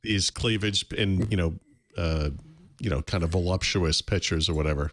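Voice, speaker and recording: A man's voice: low-pitched, normal speed. A man on a radio panel, chatting with wry jokes. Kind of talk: casual radio chat.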